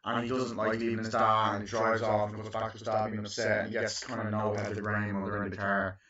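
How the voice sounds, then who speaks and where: A young man in his twenties recapping a movie in casual, profane chat, acting out lines in high voices. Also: completely flat delivery, quick pace, pushed and bright. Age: 20s. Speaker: movie reviewer. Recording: echoey, distant, muffled room recording.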